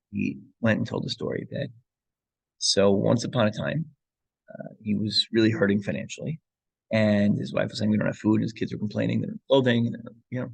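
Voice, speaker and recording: Gravelly-voiced man telling a story. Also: mid-range voice, no echo. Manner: rambling storyteller, frequent restarts and asides; mixes Hebrew and Yiddish terms into English. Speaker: rabbi teaching a class. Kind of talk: informal Torah class with storytelling.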